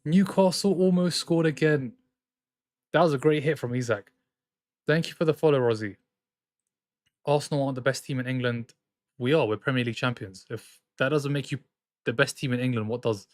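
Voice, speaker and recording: A man hosting a live football watchalong, reacting to the match and arguing with his chat in an excitable way. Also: medium pitch, fairly quick, pauses often. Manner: excitable, jumps between commentary and arguing with chat.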